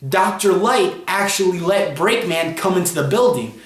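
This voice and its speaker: A man's voice: sits high, animated, normal speed, echoey room. A man voicing a scheming, boastful old male scientist who makes smug, scornful remarks.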